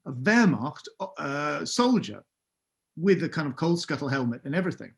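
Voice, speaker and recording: A man in his fifties with a somewhat higher-pitched voice. He is a podcast guest, telling an animated, self-deprecating story with dry humour. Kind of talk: anecdotal storytelling.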